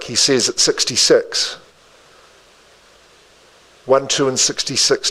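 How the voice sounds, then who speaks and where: A man working as an auctioneer, calling bids in a rhythmic patter, repeating the figures with quick asides to the room. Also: medium pitch, steady tone, fairly bright tone, rough recording.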